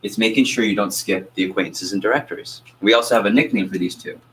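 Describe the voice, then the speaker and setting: Male sales coach, low-pitched, lively with the group, light background hiss. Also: fast talker, poor audio. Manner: energetic, asks the group questions and acts out phone calls. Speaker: sales trainer. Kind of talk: coaching a training class.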